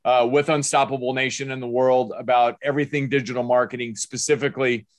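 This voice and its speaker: A man's voice: mid-range voice, fairly even intonation, fast, slight background noise. Upbeat older male podcast host. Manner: upbeat, motivational, wordplay. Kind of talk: casual podcast interview.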